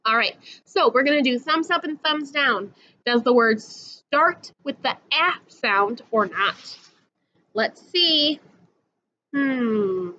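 A woman's voice: high-pitched, expressive, slow pace, bright, forceful tone, lo-fi sound, slight background noise. A woman teacher giving a patient, sing-song phonics lesson to young children, drawing out each sound.

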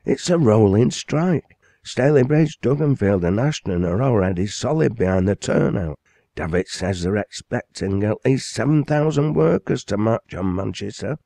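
A man voicing an excitable elderly father in an audiobook, talking loudly and fast with a raised pitch. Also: creaky, no echo. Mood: excited. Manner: excited, bursting with news.

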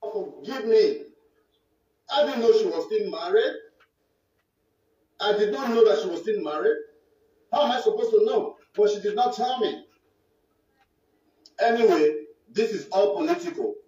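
A man's voice: high voice, animated, measured pace, pauses often, dark tone. A Nigerian man telling his own story in a boastful, self-justifying way. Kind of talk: personal story told to camera. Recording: dull, roomy clip from a distance.

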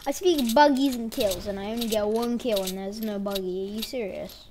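A woman's voice: medium pitch, normal speed, hardly any pauses, a little mellow, a little hiss or hum. A woman giving playful, rambling commentary over her own gameplay. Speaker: gaming channel host.

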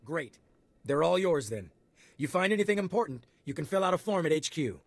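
An actor voicing a brisk, bureaucratic male official in a video game. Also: fairly high pitch, sing-song, no room sound. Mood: breezy.

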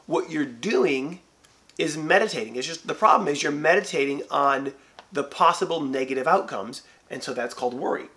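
An animated male pastor in a church devotional talk, with a bright, ringing voice that sits a touch high for a man. He slips into quick voices for imagined conversations as he talks. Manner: animated, acts out imagined dialogue.

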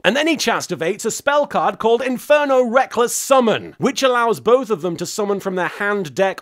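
A man's voice: high-pitched, fairly bright tone. A man hosting a comedic recap, talking in a sarcastic, mocking way. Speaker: host, reviewer.

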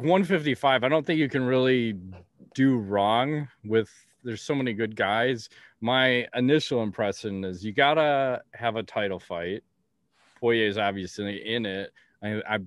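A man's voice: mid-range voice, no echo, studio quality. A man hosting a podcast in casual chat, blunt and rambling, swearing freely. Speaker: podcast host.

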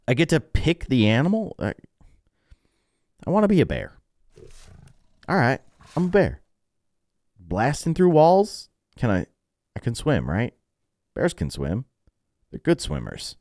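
A man's voice: on the low side, slow, pauses often, no echo, clean studio sound. A young man giving playful, goofy commentary on a video game he is playing, laughing often. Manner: goofy, laughing, animated reactions. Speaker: gaming YouTuber.

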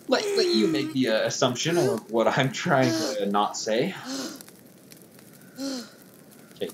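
Excitable man doing game commentary. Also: medium pitch, unhurried, pauses often, heavy background noise. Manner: excitable, jokey, talks to viewers. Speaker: gaming channel host. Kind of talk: let's-play commentary.

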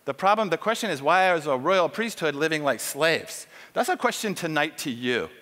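A man giving a conversational sermon at a conference, telling a Bible story with animated asides and acting out characters' voices. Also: on the high side, normal speed. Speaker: conference speaker. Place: church auditorium. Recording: long church hall reverb.

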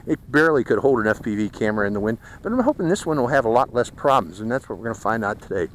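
A man's voice: mid-range voice, very animated, racing, a little hiss or hum, poor audio. A man hosting a hobby video, chatting casually to viewers about a model plane flight outdoors, calling them folks. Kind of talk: casual flight-test commentary. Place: outdoors at a flying field.

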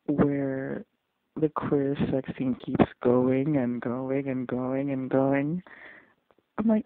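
A man's voice: medium pitch, dry recording. A man hosting an audio reaction to a TV episode, talking through it live, exclaiming and repeating his phrases. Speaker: reaction video host. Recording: phone-like dry audio.

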